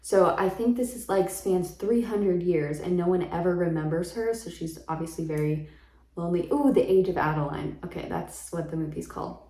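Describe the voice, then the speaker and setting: A woman's voice: lowish voice, normal speed, warm tone. Chatty woman in an echoey room. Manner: chatty and rambling, many ums and likes. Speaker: book vlogger. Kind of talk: casual book chat.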